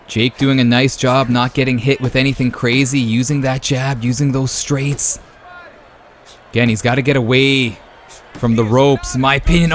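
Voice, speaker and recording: Excitable man calling a boxing game. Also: medium pitch, normal speed, slight background noise. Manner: excitable, jumps to loud exclamations at big moments; casual, says "man" and "brother". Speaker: YouTube sports host. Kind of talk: casual play-by-play commentary of a boxing video game.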